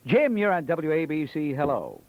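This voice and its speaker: A man's voice: fairly high pitch, sing-song, moderate pace, narrow, tinny audio. A man hosting a call-in radio show, introducing callers and often laughing at their insults. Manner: laughs often, amused exclamations. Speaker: radio talk show host.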